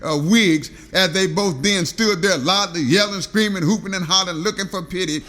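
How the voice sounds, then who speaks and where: A man's voice: high-pitched, moderate pace, fairly bright tone. A man narrating a rambling comic story, stringing long lists of insults with filler "uh"s.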